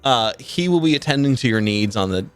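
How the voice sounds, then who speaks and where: A man's voice: mid-range voice, expressive, brisk, soft background music, close to an everyday voice. A man voicing a formal ship captain who speaks in a dry, rote, stiffly official way. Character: formal middle-aged male ship captain.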